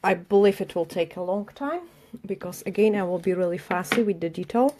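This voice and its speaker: A woman's voice: lowish voice, brisk, warm tone, a little hiss or hum. A woman nail artist chatting on a live tutorial stream, narrating as she tidies her desk, with non-native phrasing. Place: home work desk.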